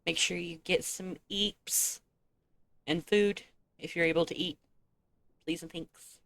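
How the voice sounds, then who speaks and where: A woman streamer chats casually with her viewers, teasing them playfully and laughing often. Her voice sits slightly low for a woman. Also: steady tone, takes it slowly, creaky, fairly bright tone, dry recording. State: eating with a full mouth. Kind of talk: casual gaming livestream chat.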